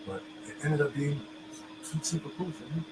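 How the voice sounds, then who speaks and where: A man's voice: a little high, normal speed, noisy background. A man hosting and teaching casually, rambling and checking in with "you understand me?". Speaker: host teaching Hebrew letters.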